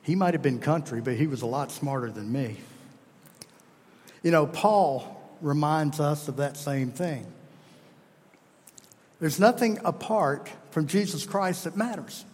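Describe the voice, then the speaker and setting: A man's voice: a little high, measured pace, long pauses, a little mellow, husky, long reverb tail. A middle-aged man preaching a sermon, telling a story earnestly and with emphasis.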